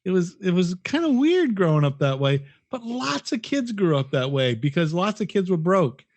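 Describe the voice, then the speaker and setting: A middle-aged man reminisces in a loose, rambling podcast chat, full of restarts and swearing. His voice sits a little high for a man and sounds dry, close to the mic. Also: very animated, normal speed, darkish tone, no room sound. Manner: profane, rambling, restarts often. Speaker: podcast co-host. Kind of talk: casual chat.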